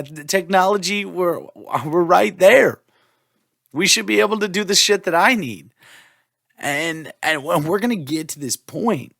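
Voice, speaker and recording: A man's voice: mid-range voice, no room sound. A man hosting his own podcast alone, ranting in a loose and profane way and breaking off sentences to start over. His voice sits in an ordinary middle range. It sounds dry and close, with no room sound. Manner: animated, profane, rambling with restarts. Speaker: podcast host and stand-up comic. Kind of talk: solo podcast rant. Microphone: podcast mic.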